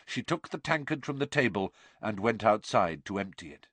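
A man narrating a storybook in a measured, expressive way. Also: on the low side, slightly rough, no room sound. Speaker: audiobook narrator.

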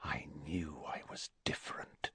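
A man reading an audiobook and voicing an intense, proud orphan boy in a hushed, whispery whispered role-play manner. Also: medium pitch, big pitch swings, moderate pace, husky, no room sound, full character voice.

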